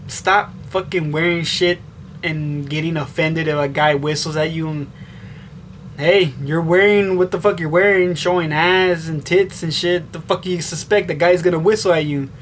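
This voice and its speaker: Young male vlogger, slightly high voice, swears constantly, rambles with fillers, faint room hiss. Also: fairly even intonation, normal speed, a bit bright. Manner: profane, blunt, rambling with filler. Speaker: vlogger answering tag questions. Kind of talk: casual chat.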